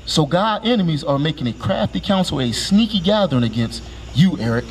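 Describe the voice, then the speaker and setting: A high-voiced male street preacher teaches passers-by in an animated, slightly fast delivery, with a little hiss or hum on the recording. He is commanding, ordering each scripture read with a brief "Read" before explaining it, and quizzes his audience with repeated "right?" and rhetorical questions.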